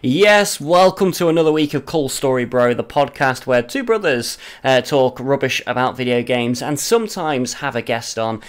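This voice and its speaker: Lively teasing podcast co-host, a man. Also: medium pitch, normal speed, hardly any pauses, smooth, soft background music. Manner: rambling, teasing banter. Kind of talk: casual chat.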